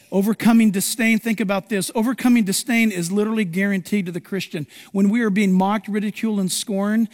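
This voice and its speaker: A man's voice: high voice, in a large hall. A male pastor preaching a sermon, telling stories dramatically and acting out the quotes. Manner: animated, dramatic storytelling with acted-out quotes.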